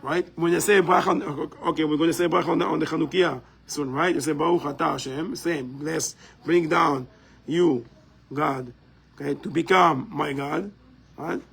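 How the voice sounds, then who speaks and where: Guy teaching a class, gravelly, keeps asking right?. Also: a little high, steady tone, moderate pace, fairly bright tone, rough recording. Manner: explains step by step, keeps checking in with "right?". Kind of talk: live class lesson. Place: community center classroom.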